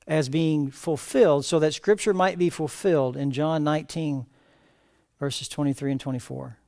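A man preaching a verse-by-verse sermon as pastor, reading scripture aloud with rising emphatic cries and then dropping to quiet asides. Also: on the high side. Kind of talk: expository sermon. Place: church sanctuary.

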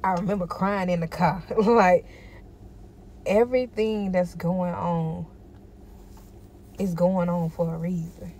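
A woman's voice: on the low side, fairly even intonation, slow, pauses often, darkish tone, a little hiss or hum. A tired woman in a personal vlog, talking emphatically and repeating herself to encourage herself. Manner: emphatic, repetitive, self-encouraging. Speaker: vlogger.

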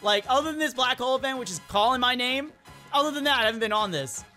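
A woman giving chatty, excitable let's-play commentary and talking to the game characters as a gaming YouTuber. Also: sits high, fast talker, soft background music.

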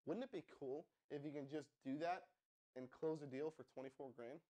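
Casting note: young male live-stream host, energetic hype pitch, slightly higher voice, keeps firing questions at the chat. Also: normal speed. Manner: pumped-up, addresses viewers as guys, asks the chat to respond. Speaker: livestream host.

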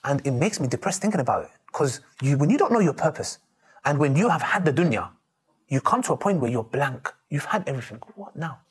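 A man, a street preacher answering interview questions and telling stories with animated quoted voices. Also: fairly high pitch, fast, breathy edge. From Turkey.

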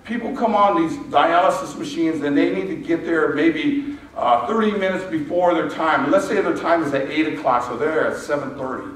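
A man preaching a sermon in a relaxed, storytelling way, with asides and rhetorical questions to the congregation. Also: a little high, moderate pace, few pauses. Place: church auditorium. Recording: echoey hall, distant mic.

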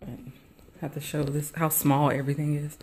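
A woman's voice: low-pitched, little pitch movement, normal speed, dark tone, breathy edge. A woman with an Atlanta Southern accent, chatting and laughing as she films a casual travel vlog on a handheld camera. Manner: giggly, chatty, laughs often. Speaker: travel vlogger. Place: small apartment, then outdoors on a cold street.

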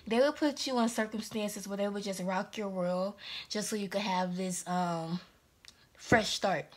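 A woman's voice: medium pitch, a little slow. Casual female tarot reader, chatty and rambling, a little breathless. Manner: chatty and rambling, laughs often. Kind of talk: casual tarot reading monologue.

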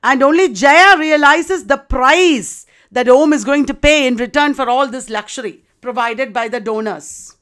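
A woman lecturer summarizing the plot of a play in a deliberate way, with occasional fillers and restarts. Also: high-pitched, a bit bright, clean tone. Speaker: literature lecturer.

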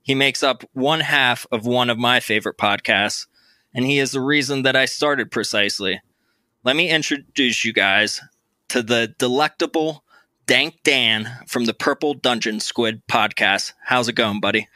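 A man's voice: medium pitch, normal speed, bright, forceful tone, no echo. A man hosting a casual podcast chat, playful and laughing often, recorded remotely. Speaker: podcast host. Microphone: remote recording mic.

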